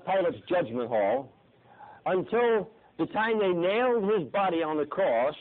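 A middle-aged man preaching a sermon dramatically, swinging from soft, hushed passages to pleading cries and repeating his phrases. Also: sits high. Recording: tinny phone-like lo-fi recording.

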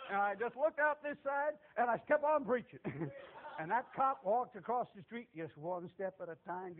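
Man preaching, high voice, folksy storytelling, shouted exhortations, tinny phone-like radio sound. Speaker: street preacher. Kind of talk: storytelling sermon.

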